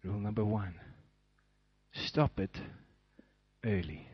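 A man's voice: on the low side, slow, husky, no echo, muffled recording. A man preaching a sermon as pastor, acting out little scenes as he goes.

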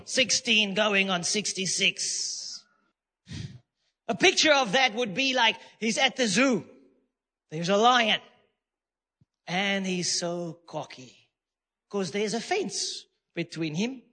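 A male pastor preaching emphatically, hammering points home through repetition. His voice sits very high and sounds bright and forceful. It rings out with a long hall reverb. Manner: emphatic, repeats phrases for stress. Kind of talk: sermon.

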